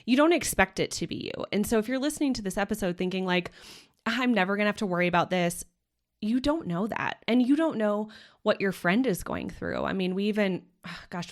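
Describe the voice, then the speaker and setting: A young adult woman hosting a podcast interview, talking in an empathetic, conversational way and often murmuring soft agreement while her guest speaks. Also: on the low side. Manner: empathetic, frequent soft backchannel affirmations. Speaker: podcast host.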